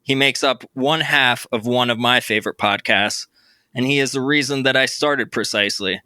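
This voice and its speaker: Excitable male podcast host, very bright, smooth tone, dry close sound. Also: mid-range voice, moderate pace, dry recording. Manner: upbeat, giggly, excitable. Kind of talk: casual chat. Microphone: remote recording.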